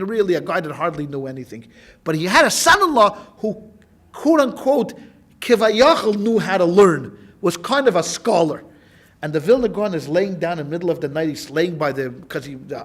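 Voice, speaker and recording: A man teaching a Talmud class as a rabbi, telling a story in a loose, informal way, with many restarts and repeated phrases. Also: fairly high pitch.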